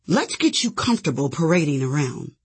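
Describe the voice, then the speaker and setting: Woman playing a bossy female tutor, all business, raspy, lively pitch. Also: a little fast, full character voice. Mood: strict. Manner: bossy, commanding.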